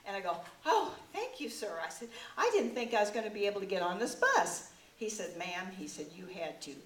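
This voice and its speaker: Woman doing an old widow comic, rambling and deadpan; recorded from across an echoey meeting room with hiss. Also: mid-range voice, brisk, natural voice. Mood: folksy. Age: older. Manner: folksy rambling storytelling with deadpan punchlines. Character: brassy old widowed woman, many husbands, self-mocking. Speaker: comic character performer. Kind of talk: stand-up character monologue. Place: club meeting room before a live audience. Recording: echoey room, distant mic, faint hiss.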